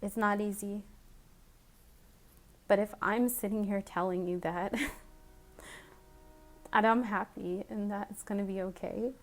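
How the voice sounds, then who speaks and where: An adult woman with children, a vlogger, records a heartfelt personal video message. She speaks emotionally and haltingly with many restarts, in a mid-range voice with a steady tone.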